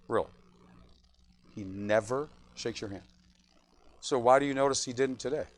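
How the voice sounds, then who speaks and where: A man's voice: mid-range voice, moderate pace, long pauses. A man, a pastor, preaching an evening sermon and acting out churchgoers' lines in little voices. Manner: animated, acts out quoted churchgoers in voices.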